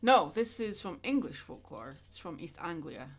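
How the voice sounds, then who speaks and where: A woman's voice: on the low side, big pitch swings, moderate pace. A young woman chatting casually with her viewers during a drawing livestream, rambling and answering questions as she goes. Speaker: art streamer.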